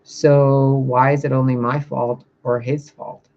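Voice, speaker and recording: A spiritual reader speaking bluntly and profanely in a casual livestream rant, reading out viewer comments and answering them. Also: male voice, mid-range voice, flat delivery, slow, creaky, a little mellow, lo-fi sound.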